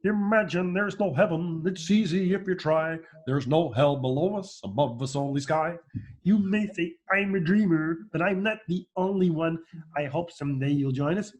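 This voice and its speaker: A man impersonating a male statesman who turns into a frog puppet voice, singing slowly. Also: fairly high pitch, darkish tone, natural voice. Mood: crooning.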